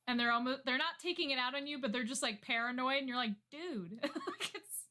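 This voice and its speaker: A woman co-hosting a podcast, telling stories in casual chat with an animated manner and frequent laughter. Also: high-pitched, fast talker. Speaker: podcast co-host.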